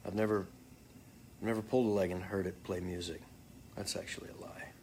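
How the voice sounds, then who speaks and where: A man's voice: low-pitched, little pitch movement, a little fast, vocal fry, a little mellow, a little hiss or hum. A man casually answering fan comments, joking and swearing freely. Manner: joking, profane, off the cuff. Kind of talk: casual live chat.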